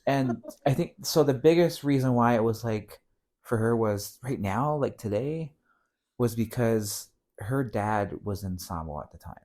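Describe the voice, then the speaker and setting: A man's voice: mid-range voice, lively intonation, a little slow, warm tone. A middle-aged man as a podcast guest, telling a story in casual chat, acting out dialogue and laughing between lines.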